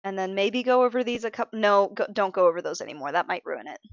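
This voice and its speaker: A woman's voice: mid-range voice, fast talker, no echo, dull audio. A tired woman streamer chatting casually while she draws. She rambles and interrupts herself, and is frank about being emotional. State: tired from little sleep. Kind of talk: casual live-stream chat while drawing.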